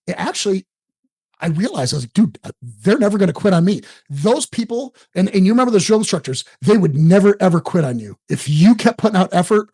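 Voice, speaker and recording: A man in his forties from the Detroit area tells his story as a podcast guest. His voice sits high for a man, and he talks in a lively, self-mocking way. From Detroit area, USA. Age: 40s. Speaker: podcast guest, home-selling coach. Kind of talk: casual storytelling interview.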